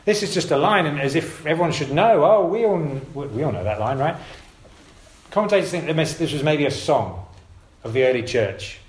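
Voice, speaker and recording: A preacher with a slightly high, expressive voice speaks at a moderate pace. He delivers an informal sermon to his congregation, conversational and emphatic, and frequently corrects himself. The recording has a roomy echo.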